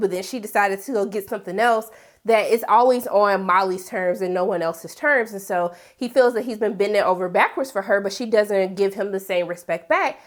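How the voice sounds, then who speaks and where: A woman talking casually as she recaps a TV episode, animated and sassy, with big incredulous jumps in pitch and asides like "honey.". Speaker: TV recap vlogger. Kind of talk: casual chat.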